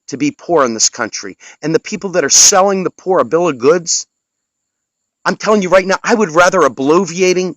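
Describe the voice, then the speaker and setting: A man's voice: fairly high pitch, no echo, low-quality recording. A man delivering an impassioned political rant, angry, sarcastic and scolding toward his listeners. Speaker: political commentator.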